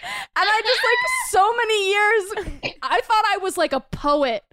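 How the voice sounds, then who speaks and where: A woman co-hosting a podcast, telling a comic story in casual chat, animated, swearing freely and laughing often. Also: extremely high pitch, unhurried, no echo. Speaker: podcast co-host.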